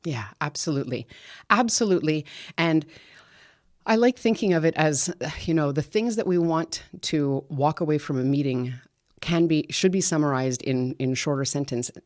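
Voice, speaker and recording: A woman talking as a guest on a podcast, explaining communication advice with lively storytelling. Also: low voice, normal speed. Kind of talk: podcast conversation.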